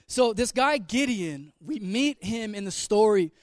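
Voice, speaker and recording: A man in his twenties, a pastor giving an energetic, joking, conversational sermon in a church. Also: high voice, a little slow, few pauses, dry recording. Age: 20s.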